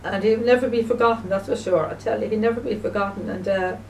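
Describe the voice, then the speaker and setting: Emotional woman talking haltingly, mic set back. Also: medium pitch, fairly even intonation, a little mellow, recorded from a distance, a little hiss or hum, poor audio. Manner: halting, repetitive, many fillers and restarts. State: emotional, grieving. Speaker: video blogger. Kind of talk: casual spoken remembrance.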